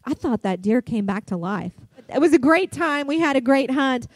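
Chatty high-voiced woman pastor telling a story. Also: moderate pace, no echo. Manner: chatty, animated storytelling with lots of fillers. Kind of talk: sermon with personal story.

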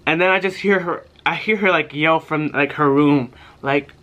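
A young man telling a casual, profane story to his viewers, animated and acting out what people said. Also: on the high side, moderate pace. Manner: animated, profane, acts out quotes. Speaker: vlogger.

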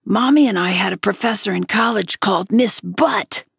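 A woman reading the part of a playful, joking father who teases excitedly. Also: mid-range voice, moderate pace, creaky, husky, dry recording, clean studio sound, heavily acted. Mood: teasing. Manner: excited, teasing.

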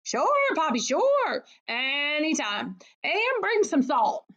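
Areath, a woman reading as a gruff old porcupine. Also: on the high side, takes it slowly, fairly bright tone, lo-fi sound. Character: grumpy old male porcupine.

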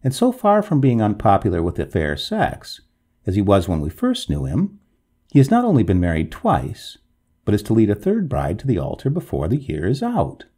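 A man narrating a classic ghost story in an expressive storytelling cadence. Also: on the low side, normal speed, breathy edge.

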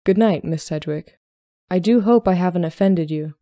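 A woman voicing a reserved, solemn young Regency gentleman who speaks plainly and politely. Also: lowish voice, normal speed, no echo, clean studio sound, lightly acted.

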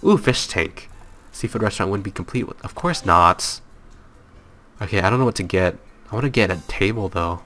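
A man's voice: deep voice, animated, normal speed, fairly bright tone, a little hiss or hum. Playful young man playing a game. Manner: playful, self-mocking, talks to viewers. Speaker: gaming channel host. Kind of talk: let's play commentary.

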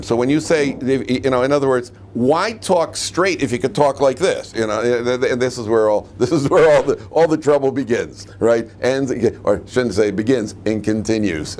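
A middle-aged rabbi teaches a room of students in a relaxed, joking way, often stopping to put questions to the class. His voice sits at an ordinary pitch for a man. A faint hiss of noise runs under the recording. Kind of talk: humorous classroom lecture.

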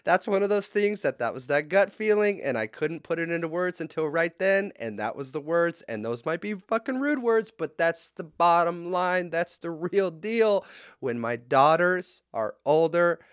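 A man hosting a podcast, ranting bluntly and profanely with heated swings into loud outbursts. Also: a little high, very animated, normal speed, smooth, no room sound, clean studio sound. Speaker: podcast host. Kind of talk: casual podcast rant.

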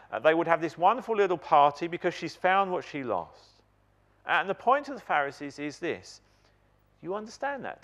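A man preaching a sermon in a church, emphatic and animated, putting questions to the congregation. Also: fairly high pitch.

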